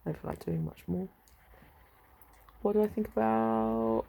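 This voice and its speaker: A woman's voice: lowish voice, sing-song, quick pace, creaky, warm tone, slight background noise. A woman rambling casually to herself in a vlog, muttering and trailing off. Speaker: vlogger.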